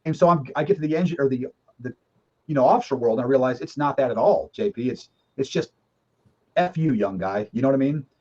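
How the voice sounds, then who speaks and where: A man's voice: medium pitch, fast, mellow. A middle-aged man, a guest in a casual conversation, telling his story candidly and emphatically, with some swearing. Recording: dull lo-fi recording.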